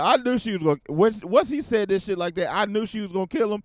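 Animated, high-voiced podcast host ranting. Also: male voice, fast, hardly any pauses, dry recording, clean studio sound. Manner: profane, slangy, gets fired up and loud when ranting. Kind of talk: casual solo podcast rant.

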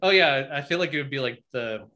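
A man's voice: medium pitch, animated, a little fast, sharp tone. A man co-hosting a casual podcast chat, reading messages aloud with amusement and many filler words.

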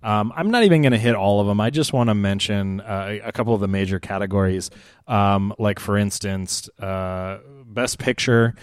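A man's voice: on the low side, normal speed, clear, resonant tone, dry recording, clean studio sound. Easygoing male podcast co-host, chuckling. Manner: laughs often, easygoing. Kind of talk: casual chat.

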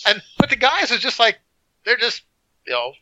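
Man, high, very bright voice, lively podcast co-host retelling film scenes with gusto. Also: normal speed, no echo, low-quality recording. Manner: animated storyteller, acts out scenes. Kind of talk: casual movie review chat.

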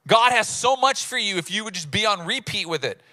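Animated bright-voiced male preacher. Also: high-pitched, fairly quick. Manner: animated preaching, acts out bits of the story in voices. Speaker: pastor. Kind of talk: sermon.

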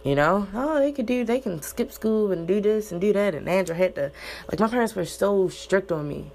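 A young woman talking candidly and profanely about relationships and family, with loud high bursts when she gets worked up. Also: expressive, moderate pace. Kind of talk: candid casual monologue.

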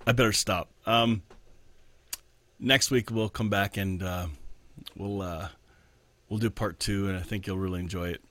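A man who is a pastor and podcast host, talking in an earnest, reflective way in a candid monologue and slowing down to stress his points. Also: low-pitched, fairly even intonation, fairly bright tone, no room sound.

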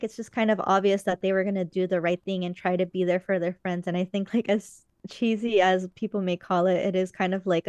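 A woman's voice: on the low side, clear, resonant tone, no echo. A woman chatting casually as a podcast co-host, rambling earnestly with many fillers. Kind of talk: casual chat.

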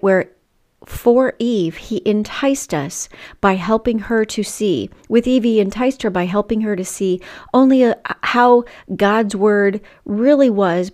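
A woman's voice: medium pitch, a little mellow. A middle-aged woman hosting a faith-based weight loss coaching show, earnest and emotional, with frequent asides. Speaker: Christian weight loss coach and podcast host.

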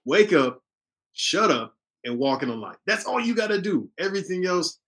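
A man's voice: high-pitched, sing-song, normal speed, fairly bright tone. A man chatting on a podcast, emphatic and slangy, repeating his points. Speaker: podcast guest. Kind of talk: casual chat.

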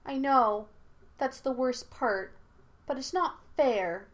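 A woman's voice: a little high, animated, unhurried, pitched above the performer's own voice. A woman voicing an earnest, stubborn young boy who protests and pleads in a raised voice. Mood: pleading.

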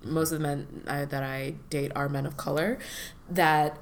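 A woman's voice: sits low, steady tone, normal speed, slight background noise. A woman co-hosting a casual podcast conversation, talking with many fillers and breaking into laughter.

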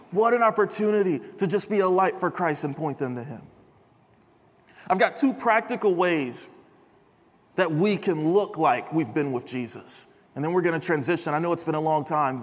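A young man preaching at a chapel service in a casual, animated storytelling manner. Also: on the high side. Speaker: chapel speaker. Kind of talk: sermon with storytelling. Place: large chapel hall. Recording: reverberant hall.

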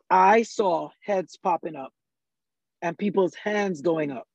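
High-voiced man telling church stories. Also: creaky, no room sound. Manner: lively, talks fast, quotes himself in asides. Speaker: worship leader. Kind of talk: conversational storytelling. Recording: slightly dull, dry recording.

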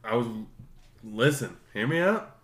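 A man's voice: mid-range voice, sing-song, unhurried, fairly bright tone, a little hiss or hum. A young man co-hosting a podcast, cracking goofy, profane jokes in casual chat. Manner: joking, profane, goofy asides. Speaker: podcast co-host. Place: small home podcast studio. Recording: roomy echo.

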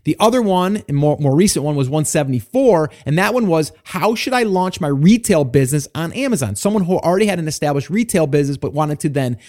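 Guy hosting a podcast, kinda high voice, rambles on excitedly. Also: quick pace, few pauses. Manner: enthusiastic, rambling with fillers. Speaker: podcast host. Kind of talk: casual podcast chat.

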